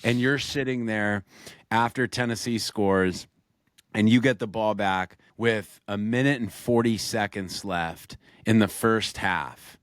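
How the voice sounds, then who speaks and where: A man's voice: on the low side, slow pace, dry recording, clean studio sound. A man co-hosting a casual sports podcast, walking through game scenarios step by step and putting questions to his co-host.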